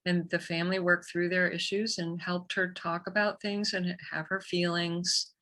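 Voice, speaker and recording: A woman guest on a podcast, an energy healer telling a story in a lively, conversational way. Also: lowish voice, normal speed. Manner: animated, vivid storyteller.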